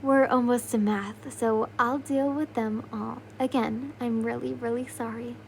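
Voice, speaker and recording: A woman voicing a kind, apologetic popular teenage boy who speaks gently and reassuringly in a listener audio story. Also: on the high side, fairly even intonation, measured pace, gravelly, slight background noise.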